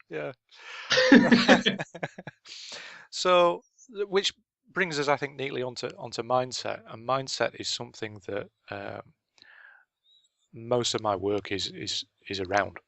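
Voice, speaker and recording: A man's voice: fairly low pitch, creaky, a bit bright, no room sound. A man co-hosting a casual business chat, telling stories with dry punchlines. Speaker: podcast co-host.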